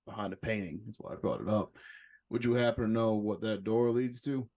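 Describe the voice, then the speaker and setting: A man's voice: lowish voice, fairly quick, a little mellow. A man playing a tabletop game, asking persistent questions. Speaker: player. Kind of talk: casual tabletop play.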